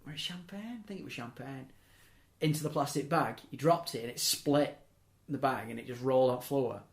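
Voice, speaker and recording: A man's voice: mid-range voice, brisk. A young man, telling long rambling stories in casual podcast chat, breaking off mid-sentence and adding chuckling asides. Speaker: podcast host. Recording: echoey room.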